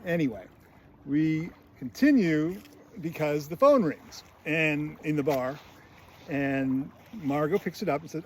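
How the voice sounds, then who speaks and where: A man's voice: on the high side, expressive, slow, a little hiss or hum. A man in a casual film critique, recounting scenes in a chatty way with many fillers and brief put-on voices. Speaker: screenwriting channel host.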